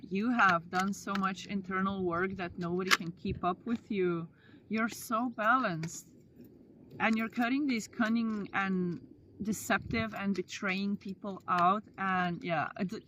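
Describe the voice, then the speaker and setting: A woman's voice: mid-range voice, measured pace, sharp tone, a little hiss or hum. A woman giving a casual tarot reading to her viewers, chatty and slangy, with playful asides. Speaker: tarot reader.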